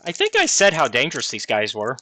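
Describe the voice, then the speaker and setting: A man's voice: mid-range voice, wildly swooping pitch, fairly quick, sharp tone, a little hiss or hum. A man running a tabletop game as dungeon master, thinking aloud over the rules with fillers.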